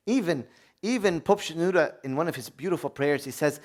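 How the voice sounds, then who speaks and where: A male priest preaching with a fairly high voice that swoops through a wide, lively range. He moves from hushed, prayerful passages to loud exclamations, and keeps turning to his listeners with questions. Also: moderate pace. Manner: conversational, asks the audience questions. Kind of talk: sermon.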